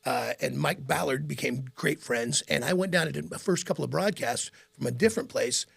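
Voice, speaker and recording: A middle-aged man with a gravelly, raspy voice, a radio host telling rambling stories in a casual interview and laughing often. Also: fairly high pitch, brisk. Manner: rambling, animated anecdotes with frequent laughs.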